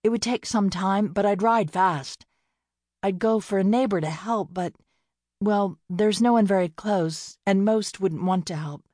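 A woman's voice: mid-range voice, a little slow, warm tone, no room sound, clean studio sound, voice pushed up, lightly acted. A woman voicing an earnest, flustered young farm woman who speaks kindly and trips over her words when nervous. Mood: flustered, caring.

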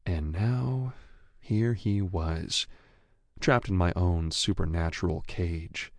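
A man reading first-person narration for an audiobook at a measured, even pace. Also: low-pitched, gravelly, no room sound, clean studio sound.

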